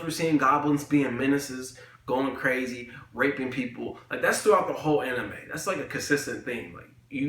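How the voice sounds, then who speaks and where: A man's voice: on the high side, fairly bright tone. A young man reviewing an anime in casual chat, rambling with lots of slang and fillers. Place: room, recording a video. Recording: echoey room.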